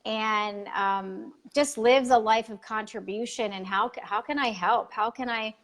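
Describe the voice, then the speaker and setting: Woman host gushing over her guest, kinda high voice, lots of restarts. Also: steady tone, fairly bright tone. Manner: gushing, halting, many restarts. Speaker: podcast host. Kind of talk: casual chat.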